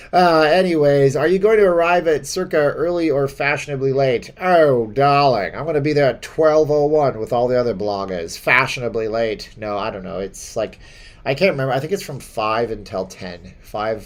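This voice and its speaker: Rambling, chuckling male live-stream host. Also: medium pitch. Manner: rambling and chuckling, with many fillers and restarts. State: stuffy from seasonal allergies. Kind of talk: casual live-stream chat reading viewer comments.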